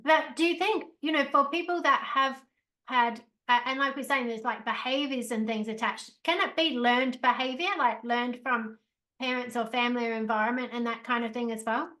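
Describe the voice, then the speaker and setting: A woman hosting an interview podcast, chatty and quick to laugh, with many casual fillers. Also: a little high, bright, forceful tone. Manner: chatty, lots of "like", laughs easily. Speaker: podcast host. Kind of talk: interview conversation.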